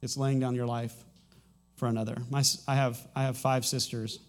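A man's voice: medium pitch, level tone, normal speed, soft background music. A man in his thirties delivers a sermon in a loose, conversational way. He often restarts his sentences and lets a light humor through as he goes. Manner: conversational and rambling, with frequent restarts. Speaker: pastor.

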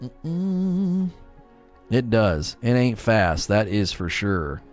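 A man's voice: drawn-out words, faint music behind. Chatty man streaming a game. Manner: chatty, reads chat aloud, animated swings in pitch. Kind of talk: casual live-stream chat.

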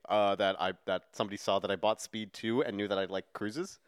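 A man's voice: fairly low pitch, fairly quick, clear, resonant tone, no room sound, studio quality. A young man co-hosting a podcast in casual chat, retelling scenes with lots of energy, casual swearing and frequent laughter. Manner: animated storyteller, swears casually, laughs often. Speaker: podcast co-host.

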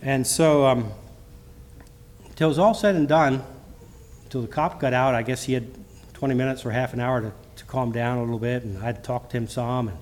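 A middle-aged man preaches a church sermon and mixes in personal testimony. His pitch is ordinary for a man and his delivery halts and restarts often. A faint noise sits behind him. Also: darkish tone. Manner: halting, with frequent restarts; reads scripture in King James wording. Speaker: lay preacher.

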